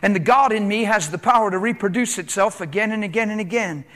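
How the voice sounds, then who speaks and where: High-voiced impassioned male preacher. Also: quick pace. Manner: impassioned, rhetorical questions, shifts between loud and hushed. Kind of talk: sermon.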